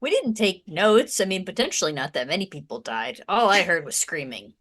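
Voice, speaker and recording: A woman's voice: fairly low pitch, big pitch swings, a little fast, fairly bright tone, slightly rough. A woman playing a tabletop role-playing game, talking in a boisterous, playful way and laughing often. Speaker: player. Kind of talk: in-character tabletop role-play.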